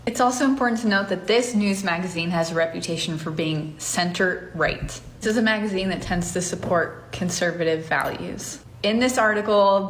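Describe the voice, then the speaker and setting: A woman's voice: lowish voice, slight background noise. Woman narrating news in a roomy space. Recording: roomy echo with faint ambience.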